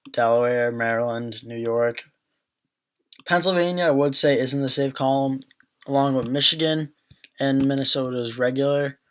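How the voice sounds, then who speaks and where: A young man in a mid-pitched voice hosts a casual political prediction video. He talks loosely and thinks aloud, with fillers and quick restarts as he works through the map. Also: a bit bright, clear, resonant tone. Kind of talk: casual commentary over an electoral map.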